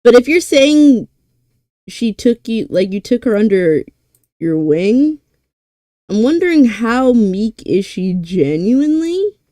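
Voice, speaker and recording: A young woman chats casually on her stream in a slow, slangy way. Her voice is mellow and warm, recorded dry and close. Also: fairly high pitch, very animated, dry recording. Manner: drawn-out, slangy chatter.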